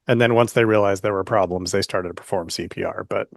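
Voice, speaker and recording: A man's voice: low-pitched, steady tone, fast, vocal fry, dry recording, studio quality. A man co-hosting a podcast, chatting casually, asking questions and hedging his points. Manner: questioning, hedging, many "like" fillers. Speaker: podcast co-host.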